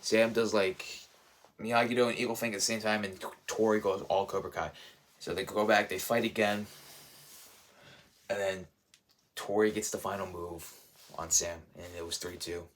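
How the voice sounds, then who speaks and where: A man giving a casual, excited recap as a reviewer, rambling and leaning on "like", "dude" and "bro". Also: fairly low pitch, normal speed, long pauses. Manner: enthusiastic, rambling, heavy use of "like", "dude" and "bro".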